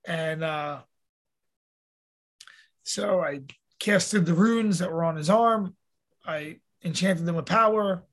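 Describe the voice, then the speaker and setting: A man's voice: high voice, slow, pauses often, a bit bright. A man talking as a podcast guest and coach, telling stories in an earnest, casual way and swearing now and then. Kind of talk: casual conversational storytelling.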